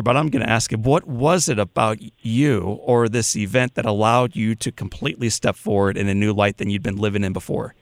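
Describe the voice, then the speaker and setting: A man's voice: fairly low pitch, a little fast, vocal fry, hardly any pauses, dry recording. A man with a Midwestern accent hosting a podcast interview, earnest and often restarting his sentences. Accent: Midwestern American. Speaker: podcast host.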